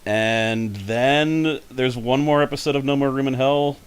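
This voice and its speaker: A man's voice: medium pitch, fairly even intonation, unhurried, smooth. A man hosting a casual podcast, talking loosely and laughing often while listing his gaming videos. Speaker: podcast host.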